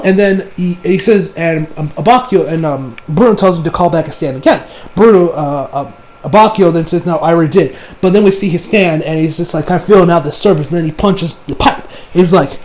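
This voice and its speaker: A man's voice: high-pitched, darkish tone, poor audio. A man reviewing an anime episode in a casual, rambling recap, full of fillers and restarts.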